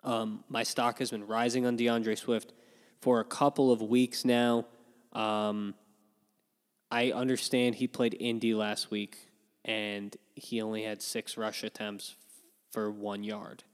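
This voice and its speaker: A man in a casual fantasy football chat, opinionated and animated, with filler ums and yawns between points. His voice is smooth and resonant, and it carries a long reverb. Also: fairly low pitch, slow pace. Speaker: fantasy football podcast host. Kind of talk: casual sports analysis chat.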